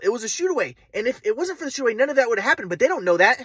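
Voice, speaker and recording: A man's voice: very high voice, very animated, very fast, hardly any pauses, fairly bright tone, slightly rough, no room sound. A man telling a personal story in a rambling, agitated, profane monologue. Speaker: vlogger.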